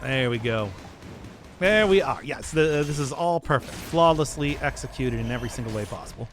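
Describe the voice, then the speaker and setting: A man's voice: medium pitch, expressive, brisk, fairly bright tone, soft background music. A man streaming a game, rambling in casual commentary and laughing at his own jokes.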